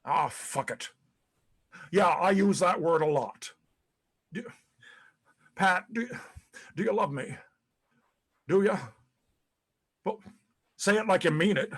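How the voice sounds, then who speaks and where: A man's voice: sits high, takes it slowly, long pauses, fairly bright tone, husky, heavily acted. A man playing a disgraced, paranoid ex-president in a one-man stage monologue, profane and rambling, stammering between bluster and self-pity. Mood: bitter, self-pitying. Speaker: actor in a one-man play. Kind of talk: live-streamed stage monologue.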